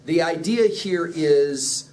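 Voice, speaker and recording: A man's voice: on the high side, slow. A man teaching a literature class, lecturing and throwing questions at his students. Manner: asks the class questions, lively explaining. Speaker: English teacher.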